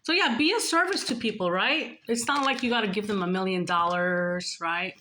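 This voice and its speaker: A woman vlogger speaks straight to her viewers in a chatty, earnest way. She repeats herself often and slips into little acted-out bits of dialogue. Her pitch sits at an ordinary middle level. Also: moderate pace, sharp tone, slight background noise. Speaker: spiritual vlogger. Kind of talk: casual spiritual talk to viewers.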